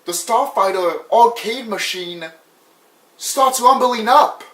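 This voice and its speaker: A man giving a casual, excitable film review, swearing often and laughing. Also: high-pitched, slow pace. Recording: echoey room, mic at a distance.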